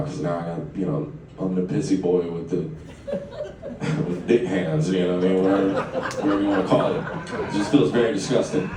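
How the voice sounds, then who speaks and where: A young man tells his stand-up set in a relaxed, chatty way, often chuckling at his own lines. His slightly low voice bounces around a very echoey room and sounds a little far from the mic. A steady background murmur sits under him. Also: slight background noise. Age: late 20s. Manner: conversational, chuckles through lines, loud acted quotes. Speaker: stand-up comedian. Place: live comedy venue, echoey room. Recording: echoey live room, distant, crowd ambience.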